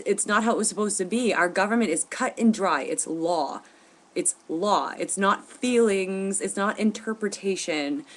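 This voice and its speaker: Woman vlogger, lower pitch, casual storytelling, indignant and animated. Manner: indignant, animated retelling with laughs. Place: at home, indoors.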